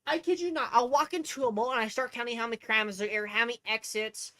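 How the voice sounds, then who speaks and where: A woman's voice: on the high side, quick pace, no echo. A woman streamer telling rambling, profane stories in a casual rant. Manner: profane, rambling, animated storytelling. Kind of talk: casual ranting chat.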